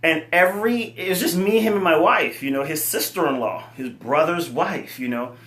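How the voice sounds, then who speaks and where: A man running a fitness company, giving an earnest, animated motivational talk full of fillers. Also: on the high side, normal speed. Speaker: fitness company CEO and coach. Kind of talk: casual motivational talk to camera. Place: room with his computer. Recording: echoey room.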